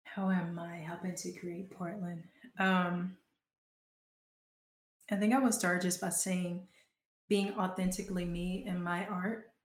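Casting: young Southern woman from Georgia, chatty interview guest, fairly flat delivery, echoey room sound. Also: on the low side, slow pace. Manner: chatty, frequent "like" fillers. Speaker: guest, performing artist and author. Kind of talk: casual interview talk.

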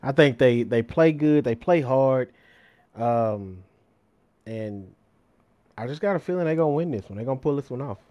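A man's voice: mid-range voice, animated, moderate pace, long pauses, no room sound, muffled recording. Easygoing man, frank picks. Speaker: podcast panelist. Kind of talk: casual sports chat.

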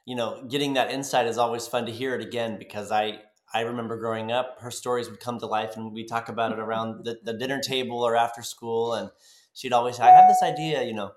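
A young man, a podcast guest, speaking reflectively in a relaxed way. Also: mid-range voice, fast talker, roomy sound. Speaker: guest, author's son. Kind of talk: podcast interview.

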